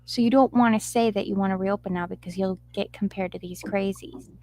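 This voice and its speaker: Gravelly-voiced woman chatting dryly. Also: mid-range voice, fairly even intonation, fairly quick, warm tone. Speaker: podcast co-host. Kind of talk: casual conversational chat.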